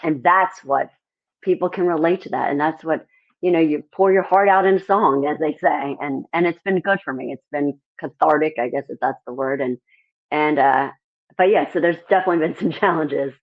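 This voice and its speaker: A middle-aged woman, a country singer-songwriter, chatting as an interview guest and telling lively stories. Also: sits low, moderate pace, narrow, tinny audio. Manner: animated storytelling, acts out others' voices. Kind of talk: casual interview chat.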